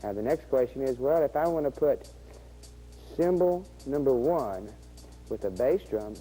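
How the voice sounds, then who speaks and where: A man's voice: medium pitch, expressive, measured pace, warm tone, rough recording. A man hosting an instructional video, patiently walking the viewer step by step through programming rhythms on an organ. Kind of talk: instructional demonstration. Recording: faint organ music behind the voice. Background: organ rhythm sounds.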